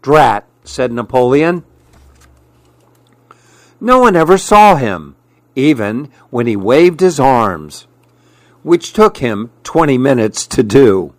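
A man reading a children's storybook aloud, gentle and unhurried. His voice rises and falls a lot for emphasis, and the sound is dry and close. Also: mid-range voice, big pitch swings, no room sound.

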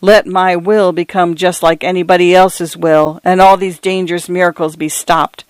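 A man doing a frantic, common-spoken little fellow, his voice pitched up high and shrill as he pleads and blusters. A smooth, clear tone sits under the panic, in a storybook reading. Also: level tone, moderate pace, no room sound, natural voice. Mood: commanding. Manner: plain common speech, flustered pleading.

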